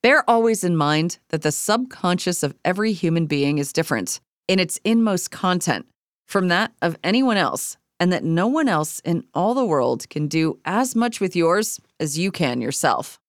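A woman reading a self-help book aloud as an audiobook, in a measured, earnest way with calm, deliberate repetitions. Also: fairly low pitch, no room sound, clean studio sound. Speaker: audiobook reader. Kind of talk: scripted audiobook narration of a self-help text.

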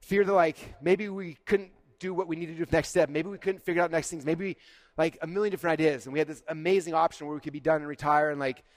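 A man giving a conference keynote, telling stories in an animated way, acting out dialogue and saying "like" often. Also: a little high, quick pace, no echo. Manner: animated, acts out dialogue, frequent "like". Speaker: keynote speaker. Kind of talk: storytelling keynote. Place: conference stage.

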